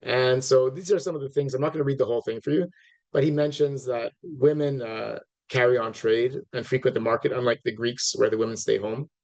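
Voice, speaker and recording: Gravelly-voiced man giving a relaxed lecture. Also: medium pitch, a little fast, dull audio. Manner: conversational, many fillers and restarts, asides to audience. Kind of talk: informal lecture.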